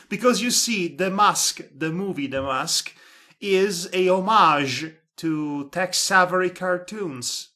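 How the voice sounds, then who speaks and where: Guy reading a silly story out loud, slow, bright high voice, sarcastic asides. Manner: sarcastic asides and laughter between lines. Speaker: host reading a comic story aloud. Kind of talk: comedic dramatic reading.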